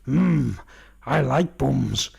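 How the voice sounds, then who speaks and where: A man voicing a lecherous male mango villain, in a slow, low, drawn-out sleazy purr. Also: lively intonation, vocal fry, darkish tone, breathy edge, heavily acted. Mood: leering.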